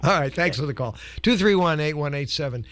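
A man hosting a call-in radio show, wry and measured, speaking from a studio microphone. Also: a little high, lively intonation, a bit bright, dry recording.

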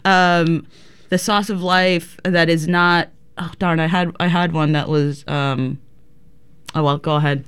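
A woman co-hosting a radio show, talking in a relaxed, hesitant way with lots of ums and easy laughter. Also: on the low side, measured pace, smooth. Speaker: radio co-host. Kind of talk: casual on-air chat. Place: radio studio.

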